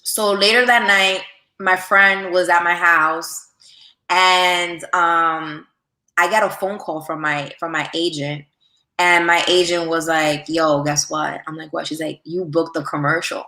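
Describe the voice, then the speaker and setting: A woman telling a personal story in a casual, animated way, full of "like" and "you know". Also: on the low side, unhurried, echoey room. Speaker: podcast guest.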